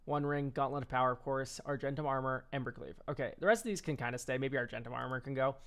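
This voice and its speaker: Gravelly-voiced streamer guy, rambling. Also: mid-range voice, fairly even intonation, fast, fairly bright tone. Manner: rambling and offhand, swears and laughs easily. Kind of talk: casual card-game deck review.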